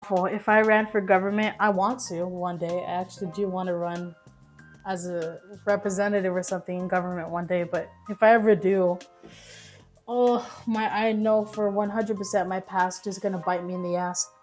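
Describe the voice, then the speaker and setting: A woman's voice: medium pitch, steady tone, moderate pace, soft background music. A woman streamer reacting to news stories live, ranting heatedly with lots of swearing and laughter, over choppy stream audio.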